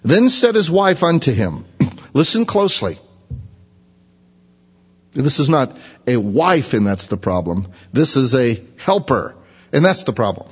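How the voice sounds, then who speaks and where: A man's voice: mid-range voice, sing-song, unhurried, long pauses, breathy edge. A man preaching a sermon, teaching through a Bible passage in a folksy, conversational way. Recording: lo-fi recording with long hall reverb.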